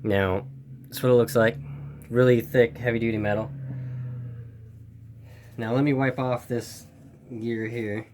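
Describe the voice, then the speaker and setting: A man's voice: mid-range voice, steady tone, a little slow, long pauses, a little mellow, slight background noise. A man casually walking through an RC car repair step by step, rambling and repeating himself with a voice that is giving out. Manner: rambling, repeats instructions, apologizes for camera. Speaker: RC hobby video host. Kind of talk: casual how-to walkthrough.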